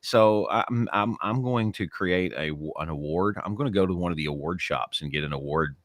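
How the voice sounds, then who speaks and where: A middle-aged man co-hosting a casual chat show, telling stories in an animated way and mimicking other people's voices. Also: low-pitched, moderate pace, no echo. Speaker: podcast co-host.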